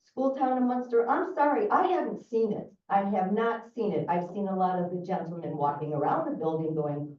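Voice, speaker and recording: A woman's voice: medium pitch, animated, moderate pace, dull audio. Passionate woman resident at podium, echoey room, far from mic. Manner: impassioned, pleading. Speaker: public commenter. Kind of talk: public comment at a council meeting. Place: council chamber.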